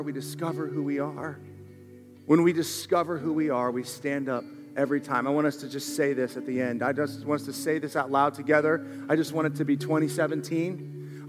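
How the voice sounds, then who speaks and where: A man with a high voice preaches a sermon. He drops to soft, low lines and then climbs to loud, driving passages. The long hall reverb carries faint instrumental music under him. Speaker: pastor.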